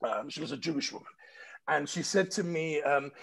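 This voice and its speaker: A man's voice: on the high side, fairly quick, creaky, slightly rough. A South African man, a stage actor guest, telling stories in casual chat and acting out dialogue, swearing freely. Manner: lively raconteur, swears freely, acts out dialogue. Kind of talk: animated storytelling in casual chat.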